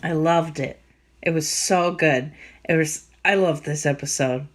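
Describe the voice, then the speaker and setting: A woman with a lower voice chatting on a podcast. She sounds enthusiastic and laughs easily between thoughts. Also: unhurried. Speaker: podcast co-host. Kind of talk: casual chat.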